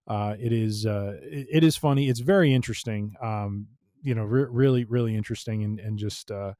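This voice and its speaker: Male co-host, low voice, relaxed and halting, dry close mic. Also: dry recording. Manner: easygoing, hesitant, lots of fillers. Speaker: podcast co-host. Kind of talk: casual chat.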